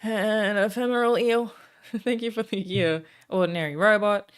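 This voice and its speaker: Speaking in a medium pitch with a steady, clean tone, this Australian woman talks casually to her stream audience. She thanks viewers by name between rambling stretches, often pausing with "um."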